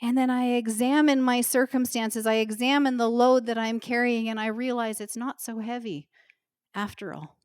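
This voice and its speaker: A middle-aged woman pastor preaching a sermon in an earnest, emotional way, slowing down to stress key words. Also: a little high, fairly even intonation, a little mellow, smooth, dry recording, clean studio sound. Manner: earnest, emotional, slows down for emphasis. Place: church stage.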